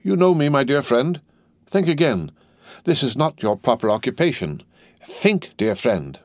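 A man reading an audiobook, voicing a kindly elderly banker who speaks gently and earnestly. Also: medium pitch, big pitch swings, unhurried, no echo, pitched above the performer's own voice. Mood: pleading. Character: kindly, anxious elderly male banker and family friend.

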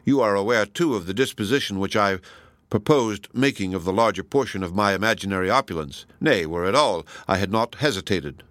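A man reading the part of a proud, passionate woman, measured and ironic. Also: on the low side, expressive, a bit bright, no room sound. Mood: probing. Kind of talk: audiobook reading.

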